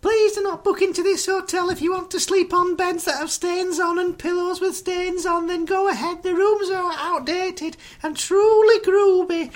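A man's voice: very high-pitched, fairly even intonation, normal speed, few pauses, voice pushed up. A man voicing a fussy, disgusted woman hotel reviewer in a comic reading. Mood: indignant.

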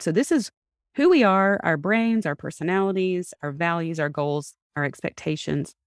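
Recorded at studio quality with no echo, a low-pitched woman guides a couple step by step on her podcast. She's a couples therapist who reflects back what they tell her.

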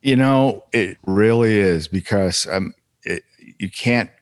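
A man co-hosting a podcast in casual chat, rambling with halting restarts. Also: lowish voice, no room sound. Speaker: podcast co-host.

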